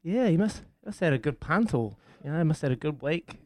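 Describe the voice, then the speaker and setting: Male co-host, giggly, lively and bouncing in pitch, dry studio sound. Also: fast talker, no echo. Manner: giggly, playful. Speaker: radio co-host. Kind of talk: casual breakfast radio banter. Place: radio studio.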